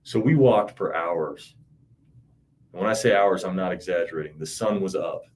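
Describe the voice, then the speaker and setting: A man's voice: deep voice, moderate pace, darkish tone, slight background noise. A man in his thirties in an interview, recounting events in a rambling, profane, casual way with frequent "you know". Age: 30s. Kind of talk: casual spoken recollection.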